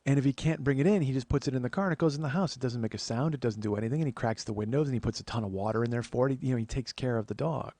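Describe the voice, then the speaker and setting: Forties male comic host, wry and profane, rambling storyteller, mid-pitched voice, dry close recording. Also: very fast, few pauses, dark tone, no room sound. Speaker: comedian host. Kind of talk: comedic storytelling monologue.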